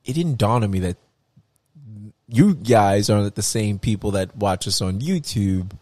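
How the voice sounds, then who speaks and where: A man's voice: fairly low pitch, expressive, unhurried, a little mellow, dry recording. A man in his thirties co-hosting a podcast, telling stories in casual chat and mimicking people in raised voices. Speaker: podcast co-host.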